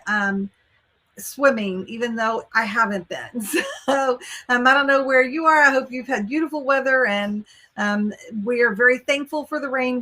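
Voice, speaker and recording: Texan woman, webinar host, upbeat and chatty, higher bright voice. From Texas. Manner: chatty and upbeat, greeting viewers by name. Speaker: college admissions coach hosting a livestream. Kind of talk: live webinar talk.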